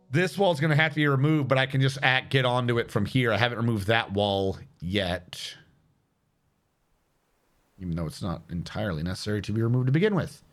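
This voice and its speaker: A man casually thinking aloud as he plays a building game and answers his chat on a stream. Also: fairly low pitch. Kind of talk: casual gameplay commentary. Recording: game stream with music behind. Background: guitar music.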